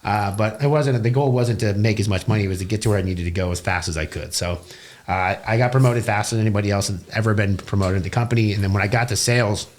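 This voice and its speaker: A man's voice: fairly low pitch, fast talker. A young man, a business owner, telling his career story bluntly and profanely in a casual interview. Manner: blunt and profane, animated retelling.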